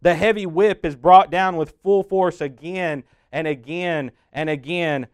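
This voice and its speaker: Male preacher, guided-sermon narration, higher-pitched dry voice, big loud-to-hushed swings. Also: steady tone, a little slow, clean tone, no echo. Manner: addresses the listener as "you", swelling loud then dropping hushed.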